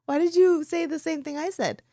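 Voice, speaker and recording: A young woman co-hosting a casual podcast, playful and giggly, often firing back quick questions. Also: extremely high pitch, fairly even intonation, mellow, no room sound, studio quality. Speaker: podcast co-host. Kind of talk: casual chat.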